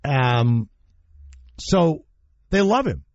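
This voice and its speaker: A man's voice: fairly high pitch, very slow, no room sound, dull audio. A man hosting a talk radio show, telling stories in an opinionated, blunt way with some swearing. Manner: opinionated, animated storytelling with blunt profanity. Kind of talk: casual talk radio chat.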